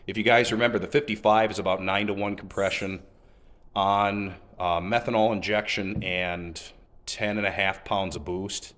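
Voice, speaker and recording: Low-voiced man explaining an engine build. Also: moderate pace, slight background noise. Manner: relaxed, explanatory, folksy. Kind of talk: casual shop demonstration. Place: garage workshop.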